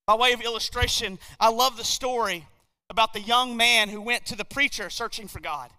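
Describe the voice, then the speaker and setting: A man preaching a sermon in a church, telling a story with animated energy and frequent restarts. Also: extremely high pitch, moderate pace. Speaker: pastor. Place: church sanctuary. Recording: long reverb of a church hall.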